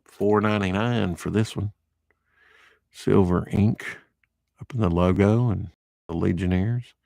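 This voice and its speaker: A man's voice: deep voice, fairly even intonation, unhurried, gravelly, a little mellow, no room sound, clean studio sound. A man giving casual, rambling commentary while unboxing comic books, with chatty, opinionated asides. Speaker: comic book vlogger.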